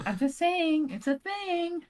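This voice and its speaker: A woman's voice: very high-pitched, sing-song, takes it slowly, darkish tone. A young woman rambling playfully while roleplaying in a tabletop game, full of fillers. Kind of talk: casual in-character roleplay chat.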